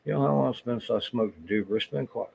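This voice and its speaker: A man's voice: mid-range voice, fast talker, vocal fry, darkish tone, a little hiss or hum, rough recording. An older man rambling on a home livestream, swearing and flustered as he talks to himself at his computer. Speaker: livestream host.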